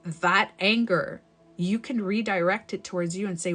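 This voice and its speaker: On a live stream, a woman who coaches people through breakups and self-love talks casually to her viewers, repeating points to keep them encouraged. Her voice is on the low side, brisk and a bit bright, with faint music behind it.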